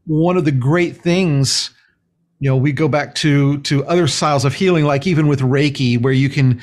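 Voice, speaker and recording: A man speaking as a guest, explaining a spiritual practice in a calm, slow, earnest way. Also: a little high. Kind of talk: spiritual teaching in conversation.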